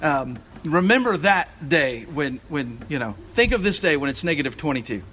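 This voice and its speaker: A man's voice: on the high side, sing-song, normal speed, a bit bright. A man preaching a sermon as a church's assistant rector, earnest and searching, often restarting his phrases. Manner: earnest, searching delivery with frequent restarts and fillers.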